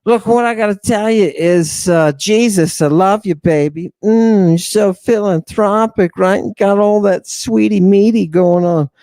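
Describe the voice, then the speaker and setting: A man's voice: sits high, a little slow, hardly any pauses, dark tone, dry recording, pitched above the performer's own voice. A man voicing a fawning male apostle who gushes with sweet talk.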